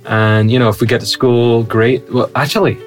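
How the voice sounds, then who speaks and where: A man's voice: medium pitch, fairly even intonation, moderate pace, soft background music. Playful Northern Irish man hosting. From Northern Ireland. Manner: chatty, playful, asks lots of questions. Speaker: podcast host. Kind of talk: casual chat.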